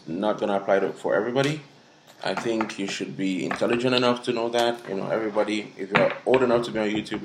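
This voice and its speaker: A man's voice: lowish voice, a little hiss or hum. A man from Africa giving a casual tarot reading to camera, blunt and profane as he scolds the viewer. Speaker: tarot reader. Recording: echoey room.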